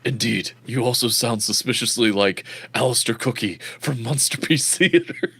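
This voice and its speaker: Husky-voiced wisecracking tabletop player. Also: mid-range voice, a bit bright. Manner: wisecracking, quick with jokes. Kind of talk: casual chat at a tabletop game.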